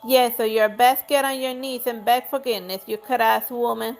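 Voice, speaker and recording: A woman's voice: a little high, fairly even intonation, moderate pace, soft background music, natural voice. A woman reading out the lines of a haughty, greedy noblewoman in a game, with imperious insults. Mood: outraged. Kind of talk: reading game dialogue aloud.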